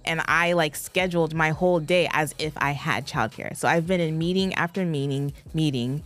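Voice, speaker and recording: A woman in her thirties co-hosts a casual podcast, with a slightly low voice. She tells stories in an animated, expressive way and laughs often. Faint music plays underneath. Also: normal speed. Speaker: podcast co-host. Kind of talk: casual chat.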